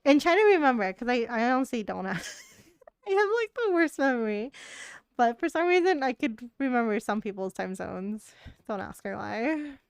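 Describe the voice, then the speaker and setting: Woman streamer, rambling and chatty, laughs a lot; smooth voice, dry close sound. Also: fairly high pitch, expressive, moderate pace, dry recording. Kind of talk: casual live-stream chat.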